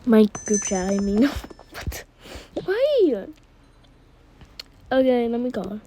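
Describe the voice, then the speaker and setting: A woman's voice: fairly high pitch, moderate pace, dark tone, slight background noise. A woman chatting as she plays a pretend game, voicing her characters and now and then shrieking for a crying baby. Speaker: player narrating a pretend-play game. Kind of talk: casual play narration with character voices.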